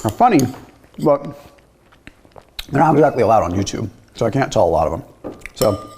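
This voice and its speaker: A man's voice: on the low side, very animated, moderate pace, darkish tone, husky. A man hosting a nutrition video who talks in a loose, chatty way, telling a story and then explaining diet science. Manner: chatty, loose, with frequent "like" and "right?".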